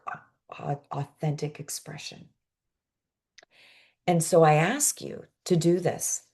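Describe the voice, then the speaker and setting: A middle-aged woman with a Brooklyn accent teaching an online class, energetic and expressive, sometimes dropping to a hush for emphasis. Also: deep voice. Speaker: creativity coach.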